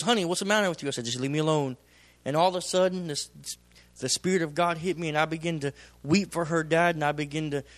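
A man preaching a sermon in a plain-spoken, folksy way, swinging from loud emphatic bursts to slow drawn-out phrases. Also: on the high side. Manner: folksy, plain-spoken, tells personal stories. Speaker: pastor.

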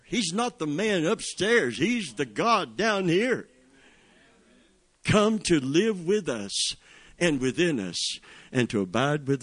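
A middle-aged man preaching a sermon, reading scripture with drawn-out emphasis and rising fervor. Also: on the high side, a bit bright. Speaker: pastor.

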